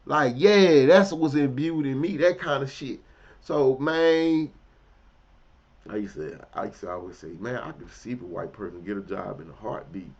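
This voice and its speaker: Man, mid-pitched voice, blunt cursing storyteller, heated then hushed, slangy, muffled lo-fi sound. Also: moderate pace. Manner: swings between loud, heated outbursts and low, quiet asides; heavy cursing, casual street slang. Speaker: commentary vlogger. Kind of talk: blunt, profane storytelling monologue. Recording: dull, lo-fi audio.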